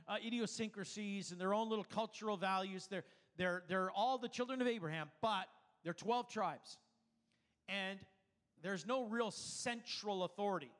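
A man's voice: high-pitched, fairly bright tone, long reverb tail. A man preaching a conversational sermon, teaching as he goes and often restarting his sentences. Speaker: pastor.

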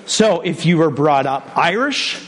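High-voiced conversational male pastor. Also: lively intonation, unhurried, a bit bright. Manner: conversational, self-interrupting, jokey asides. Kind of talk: sermon.

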